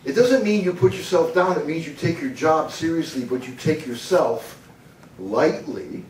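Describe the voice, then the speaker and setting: An older man from the United States gives an animated storytelling talk on humor, laughing at his own jokes and sometimes slipping into a booming announcer voice. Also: moderate pace, slight background noise. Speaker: motivational humor speaker. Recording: echoey hall, mic at a distance.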